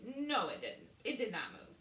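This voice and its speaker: A woman voicing a flustered male royal chef who answers curtly and shouts to guards, read aloud from a storybook in a roomy space. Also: medium pitch, wildly swooping pitch, normal speed, distant mic, a little hiss or hum. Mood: urgent. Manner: curt, then shouting. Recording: roomy echo.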